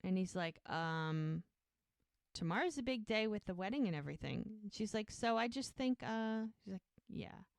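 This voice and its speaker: Here a podcast co-host recaps episodes in easygoing chat, retelling TV scenes and repeating characters' lines. She has a medium-pitched, creaky voice and sounds animated at a moderate pace, with no room sound.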